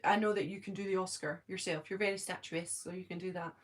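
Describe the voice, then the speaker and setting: A middle-aged Scottish woman hosts a casual live stream and chats to her viewers. She is giggly and self-deprecating, with plenty of ums and quick asides. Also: lowish voice, fairly even intonation. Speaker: host of a fan live stream. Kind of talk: casual live-stream chat, reading comments.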